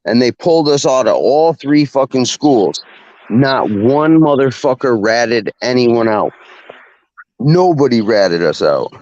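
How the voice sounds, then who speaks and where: A man's voice: medium pitch, animated, takes it slowly, a little mellow, no echo. Young man, casual storytelling, profane, rambling, dry dull lo-fi recording. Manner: profane, rambling, laughs often. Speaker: podcast host. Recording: dull lo-fi sound.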